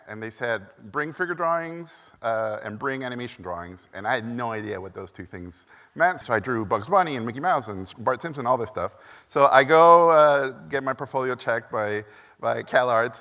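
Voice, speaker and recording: A man's voice: medium pitch, bright, forceful tone. A man from Mexico giving a conference keynote, telling stories animatedly with many "uh" fillers and acted-out quotes, in a large echoey hall. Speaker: keynote speaker. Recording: echoey hall from a stage mic.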